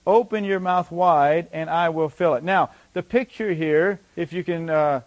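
A man preaching a sermon, reading scripture slowly and then explaining it in a conversational way with rhetorical questions that build to emphatic peaks. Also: on the high side. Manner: reads scripture slowly and deliberately. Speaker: pastor.

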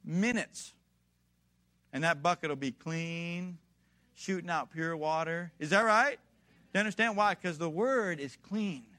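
A male preacher delivering a sermon in a somewhat high voice. He talks straight to his congregation with rhetorical questions. He swings from hushed storytelling to forceful, rising exhortation. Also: measured pace. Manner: emphatic, rising to loud exhortation.

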